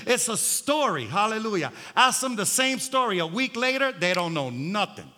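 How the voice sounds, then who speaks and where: High bright fiery older pastor. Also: male voice, sing-song, moderate pace. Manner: fiery preaching, hallelujah refrains. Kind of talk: sermon. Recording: long hall reverb.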